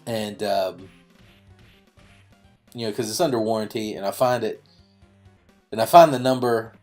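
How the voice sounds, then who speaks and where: A man's voice: lowish voice, a little slow, a little mellow, faint music behind. A man hosting a gaming channel, telling a rambling, self-mocking story packed with fillers. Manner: chatty, self-mocking, full of "you know" fillers. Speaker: YouTube gaming channel host. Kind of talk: rambling casual storytelling over gameplay.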